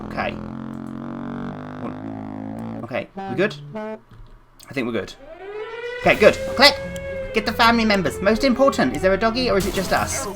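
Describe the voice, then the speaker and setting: A woman's voice: mid-range voice, wildly swooping pitch, moderate pace, creaky, long pauses, over music. A young woman commentating her gameplay in a frantic, panicky way, often swearing and laughing at herself. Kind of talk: let's play commentary.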